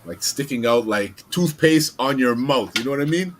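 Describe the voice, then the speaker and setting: Podcast host, male, casual and animated, swears freely, faint hiss on the track. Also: medium pitch, moderate pace. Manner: animated, swearing, acts out voices in stories. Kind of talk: casual storytelling chat.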